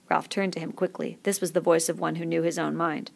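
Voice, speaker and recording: A woman narrating a novel in a measured, expressive reading. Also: low voice, creaky. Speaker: reader. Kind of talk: audiobook narration.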